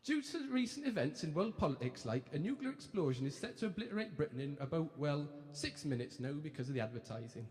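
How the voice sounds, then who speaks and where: On a live venue stage, a man does a comic impression of a pair of chirpy young male TV presenters, using a Geordie accent and a brash, sweary, mock-cheerful delivery. His voice is a little high, sing-song and a little mellow, and he talks fast with hardly any pauses. The hall echoes with crowd laughter.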